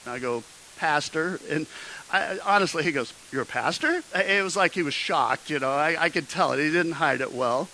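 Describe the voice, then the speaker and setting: A man preaching a sermon, his voice bright and forceful and a little high. He tells his story in a loose, conversational way, stumbling and restarting, before rising into emphatic exhortation. A faint hiss sits under the recording. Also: normal speed, poor audio. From Midwestern United States. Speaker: pastor.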